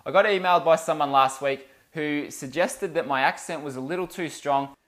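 A man's voice: a little high, normal speed, fairly bright tone. A man with an Australian accent, hosting a casual vlog and talking to viewers in a plain, direct way. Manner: plain-spoken, asks viewers questions directly. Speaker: swimming coach and channel host.

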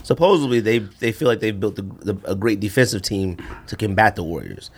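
A man's voice: brisk, slight background noise. A man co-hosting a podcast in casual chat, telling a story animatedly, acting out quotes and saying bruh and man a lot. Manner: animated storyteller, acts out quotes with big pitch jumps. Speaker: podcast co-host.

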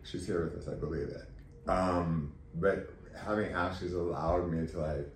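A man guest on a podcast, candidly telling a personal story in an emotional, animated way and acting out quoted dialogue. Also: low voice, a little slow. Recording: roomy echo, faint background noise.

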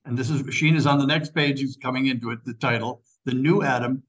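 A man's voice: medium pitch, steady tone, fairly quick, rough recording. An older man, a priest and author, telling stories as a radio interview guest, often repeating his words. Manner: repeats phrases, storytelling.

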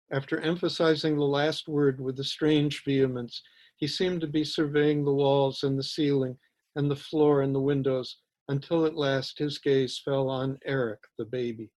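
A male author reading his own short story aloud in a measured, even way. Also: medium pitch.

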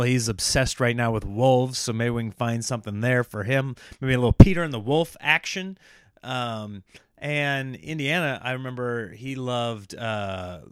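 A man's voice: mid-range voice, clear, resonant tone, dry recording, studio quality. A man in his thirties hosting a comedy podcast, rambling in a casual, self-mocking, jokey monologue.

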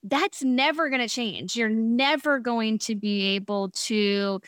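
A woman's voice: a little high, a little slow, no echo, clean studio sound. A woman giving blunt, candid advice in a podcast conversation, acting out other people's voices as she talks. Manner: animated, acts out voices of others.

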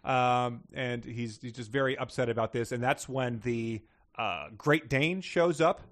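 A man's voice: mid-range voice, a little slow, a bit bright. A man co-hosting a casual book podcast, rambling and restarting as he sums up a book. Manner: rambling, many fillers and restarts. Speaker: podcast co-host.

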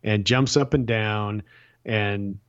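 Man, podcast co-host, animated storyteller, acts out quotes, dull lo-fi audio. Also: fairly low pitch, takes it slowly, clean tone. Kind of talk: casual chat recapping a TV show.

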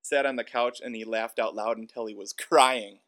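A man with an Upper Midwest accent co-hosting a podcast, animated and laughing often as he talks. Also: medium pitch, normal speed. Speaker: podcast co-host. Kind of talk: casual podcast chat.

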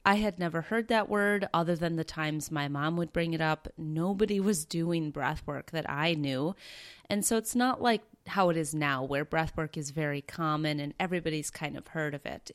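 Smooth low-voiced woman telling a story. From Minnesota, USA. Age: 30s. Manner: earnest, conversational, with quoted dialogue. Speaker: podcast host and breathwork facilitator. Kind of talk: personal storytelling monologue.

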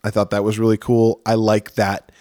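A man's voice: fairly low pitch, completely flat delivery, moderate pace, mellow, no echo, clean studio sound. A man co-hosting a podcast, chatting casually and rambling with enthusiasm about films he likes. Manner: rambling, enthusiastic film talk. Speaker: podcast co-host. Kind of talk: casual chat.

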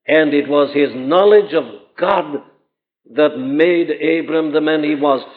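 A fairly high-voiced man preaching in an earnest, emphatic way, pushing his voice up on the questions he drives home. The recording is thin and phone-like, and the sound hangs in a long reverb like a large hall. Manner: earnest, emphatic, rising to exclamations. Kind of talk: sermon.

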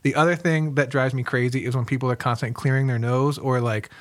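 A man pastor co-hosting a podcast, telling his pet peeves in a wry, animated way. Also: medium pitch, fast talker, dry recording. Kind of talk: casual chat.

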